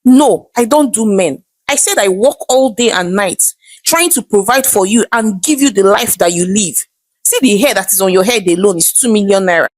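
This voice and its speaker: A woman's voice: medium pitch, expressive, moderate pace, dry recording, lightly acted. A woman voicing a young husband who defends himself and begs his wife to stay. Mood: defensive.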